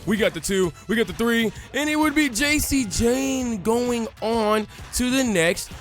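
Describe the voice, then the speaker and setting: A lively man with a fairly high voice and a drawl tells the story of his game like a joking storyteller. He acts out crowd chants and other voices as he goes. Faint music plays underneath. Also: unhurried. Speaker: gaming YouTuber. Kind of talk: casual let's-play commentary.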